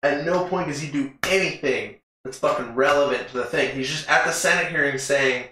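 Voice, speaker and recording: A man's voice: mid-range voice, fast talker, few pauses, bright, forceful tone. A man co-hosting a podcast, casually recapping a movie in a rambling way, laughing often and swearing freely. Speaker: podcast co-host. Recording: echoey room.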